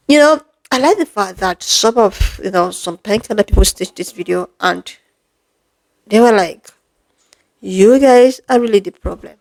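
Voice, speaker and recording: A woman's voice: mid-range voice, expressive, normal speed, vocal fry, a little mellow, rough recording. A woman vlogger giving heated commentary to camera, firing off emphatic rhetorical questions and calling her viewers "lovelies". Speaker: commentary creator.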